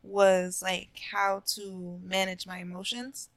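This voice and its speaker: A woman's voice: medium pitch, flat delivery, slow, a bit bright, dry recording. A woman speaking as a podcast guest in casual chat, hesitant and full of "like". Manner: hesitant, many fillers like "like".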